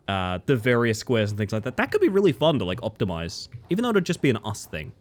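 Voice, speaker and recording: A man chatting casually and excitably while livestreaming a game, swearing freely. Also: mid-range voice. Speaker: game streamer. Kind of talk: casual gaming livestream chat.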